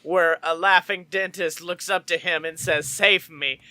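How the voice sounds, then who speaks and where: A man co-hosting a podcast in loose, profane casual chat, breaking into laughter often. His voice is fairly high and bright. The sound is dry and close, with no room echo. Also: little pitch movement, moderate pace. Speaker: podcast co-host.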